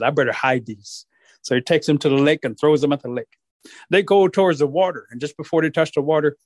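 Man telling a folktale, slightly high voice. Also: no room sound. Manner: rhythmic, repetitive, animated. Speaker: storyteller. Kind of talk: oral folktale storytelling.

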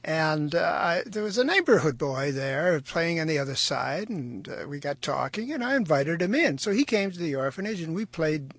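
A somewhat high male voice with husky, gravelly grain tells an unhurried childhood memory with many fillers. The sound is dry and close. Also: big pitch swings, a bit bright, dry recording.

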